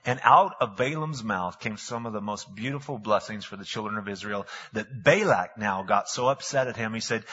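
A man's voice: on the low side, moderate pace, hardly any pauses, a bit bright, breathy edge. A man preaching a sermon, a pastor who tells the story in a folksy way with slang asides, recorded with long hall reverb and a dull, lo-fi sound.

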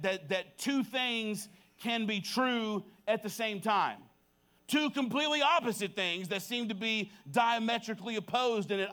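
High-voiced preaching pastor. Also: male voice, a bit bright. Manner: conversational and humorous, building to impassioned preaching. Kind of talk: sermon.

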